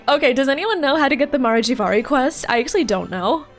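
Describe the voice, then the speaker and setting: A young woman streaming a game, chatting casually in an excitable, chatty way and laughing often. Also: high-pitched. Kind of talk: casual gaming stream chat.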